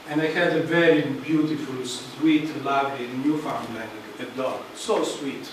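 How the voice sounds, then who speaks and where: A man giving a public lecture in a hall, halting and searching for words, with many fillers. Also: medium pitch, steady tone. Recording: echoey hall, distant, noisy.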